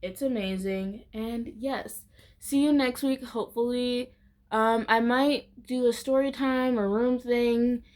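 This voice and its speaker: A woman's voice: on the high side, fairly even intonation, takes it slowly, darkish tone. Rambling woman vlogger, chatty. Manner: rambling, heavy use of "like" fillers. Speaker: YouTuber. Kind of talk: casual vlog chat.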